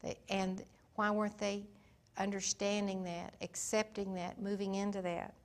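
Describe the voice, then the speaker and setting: A woman giving an informal Bible teaching in a folksy, emphatic way, swinging between soft and loud. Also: mid-range voice, level tone, unhurried.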